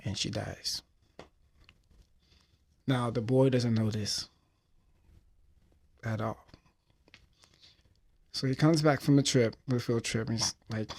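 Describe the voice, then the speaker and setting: A man's voice: medium pitch, a little slow, long pauses, darkish tone. A man hosting a podcast, telling a story in a heartfelt, hesitant way while reflecting on losing a friend. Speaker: podcast host.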